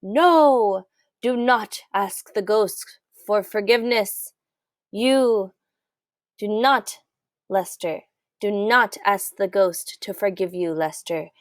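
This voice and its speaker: A woman voicing a pompous, stern old male head mouse who shouts and drags out his words. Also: medium pitch, slow, dry recording, natural voice. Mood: stern alarmed.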